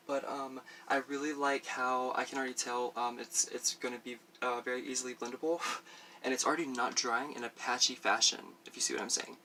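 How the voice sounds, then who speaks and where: A male beauty vlogger does his makeup on camera at home while chatting through a casual makeup review, rambling with lots of fillers and frequent laughter. His voice is medium-pitched with fairly even intonation and a moderate pace, and background noise is audible.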